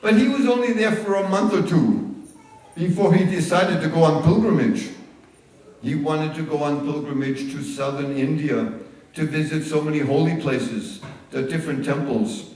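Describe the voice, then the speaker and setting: A man telling a devotional story as a sermon in a large temple hall, unhurried and dotted with fillers and restarts. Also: on the high side, darkish tone. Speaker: religious storyteller. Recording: echoey hall, voice far from mic.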